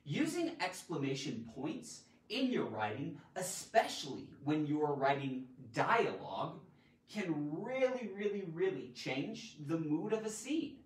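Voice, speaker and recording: A man hosting a playful live-streamed grammar lesson, theatrical and full of sudden loud exclamations. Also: fairly high pitch, very animated, measured pace. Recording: roomy echo, mic at a distance.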